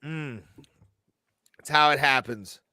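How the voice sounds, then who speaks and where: A man's voice: medium pitch, takes it slowly, bright, forceful tone, dry recording. A man co-hosting a podcast in casual chat, joking and laughing as he reads viewer chat aloud. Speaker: podcast co-host.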